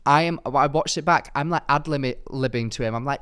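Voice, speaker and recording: A young man co-hosting a podcast, telling a story in casual chat and acting out quotes with sudden high bursts. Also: moderate pace, fairly bright tone, clear, resonant tone. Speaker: podcast co-host.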